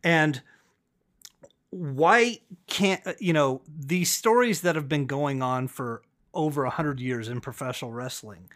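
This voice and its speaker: A man co-hosting a podcast, chatting casually in a rambling, profane, animated way. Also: on the high side, measured pace. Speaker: podcast co-host. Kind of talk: casual chat about wrestling.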